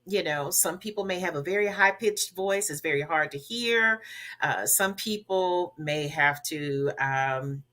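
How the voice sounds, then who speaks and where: A woman's voice: deep voice, measured pace, sharp tone. A woman from the Southern United States, a guest who coaches public speaking, giving emphatic advice in a podcast interview. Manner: emphatic and instructive, repeats key words.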